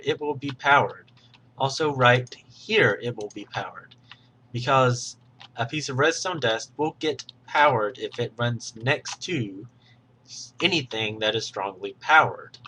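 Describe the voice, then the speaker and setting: Brief: male tutorial narrator, patient and explanatory, bright voice, faint keyboard clicks behind. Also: medium pitch, animated, unhurried, slight background noise. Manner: patient, explanatory, self-correcting. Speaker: tutorial host. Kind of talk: screen-recorded game tutorial narration.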